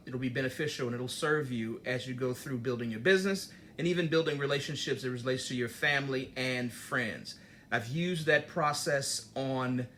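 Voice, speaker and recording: A man's voice: mid-range voice, slight background noise. A man hosting his own channel, telling a workplace story in a casual motivational talk and acting out the dialogue as he goes. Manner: storytelling, animated, digresses and acts out dialogue. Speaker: host giving business advice.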